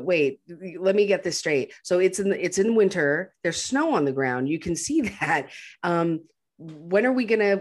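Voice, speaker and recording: Wry low-voiced woman retelling a film. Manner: wry, animated retelling with acted-out quotes. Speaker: podcast co-host. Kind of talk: casual movie recap chat.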